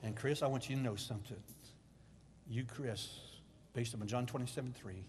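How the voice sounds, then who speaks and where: A man preaching a sermon as a guest speaker in a church, telling a personal story with emotional swings from hushed to loud. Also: medium pitch, normal speed, a little hiss or hum. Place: church sanctuary. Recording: long hall reverb.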